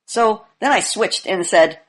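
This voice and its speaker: A woman's voice: medium pitch, a little slow. Emphatic woman coaching a class. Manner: emphatic, swings between loud demonstrations and quiet asides; blunt, drops in profanity. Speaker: speaking coach.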